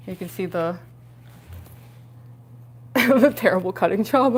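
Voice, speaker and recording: A young woman chatting casually on a livestream, giggling often and full of fillers, her voice jumping up when she gets excited, while she speaks around costume fake teeth. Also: slow, long pauses, background noise. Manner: excitable, pitch jumping up on exclamations.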